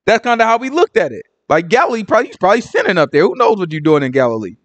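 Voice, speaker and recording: A man teaches scripture in loose street slang, playing out the characters as he talks. His voice sits high and swings widely in pitch. The sound is dry and close. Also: racing, dry recording. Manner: slangy, animated, acts out characters. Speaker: Bible teacher. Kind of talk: casual Bible teaching.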